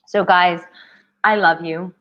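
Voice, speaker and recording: A woman's voice: on the low side, creaky, fairly bright tone. A young woman coaching on a live stream Q&A, affectionate and emphatic, calling viewers babe. Her voice is going. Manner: emphatic, repeats herself. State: losing her voice. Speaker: dating and relationship coach. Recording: dull lo-fi livestream audio.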